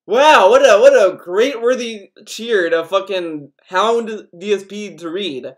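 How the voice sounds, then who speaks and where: High-voiced man ranting casually. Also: slow. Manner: profane, rambling, frequent restarts. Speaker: podcast host reading chat. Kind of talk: casual rambling stream chat.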